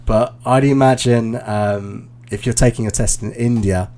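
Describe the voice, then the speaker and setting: Mellow-voiced British man teaching online. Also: medium pitch, measured pace, slight background noise. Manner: relaxed, explanatory, frequent ums and uhs. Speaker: IELTS teacher. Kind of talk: live online lesson feedback.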